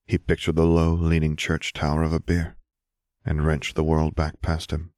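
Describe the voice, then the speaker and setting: A man reading story narration in a steady, measured voice. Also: extremely low pitch, no echo, clean studio sound. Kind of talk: scripted narration of fan fiction.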